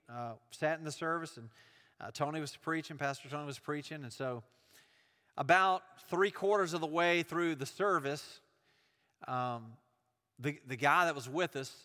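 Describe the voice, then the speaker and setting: A man's voice: a little high, bright, forceful tone, in a large hall. A man preaching a sermon, earnest and building emphasis through repetition.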